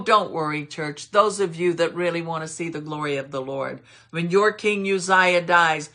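A woman preaching a sermon, swinging between loud declarations and hushed, quiet asides. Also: medium pitch.

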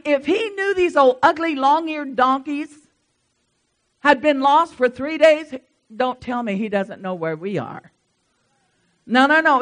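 A woman preaching a sermon in church, swinging between hushed asides and loud emphatic lines. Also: fairly high pitch, rough recording.

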